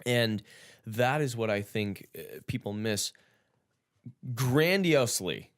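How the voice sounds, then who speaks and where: A man hosting a casual podcast chat, talking bluntly and swearing a lot, getting loud and animated as he tells stories. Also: fairly low pitch, unhurried, clear, resonant tone. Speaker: podcast host.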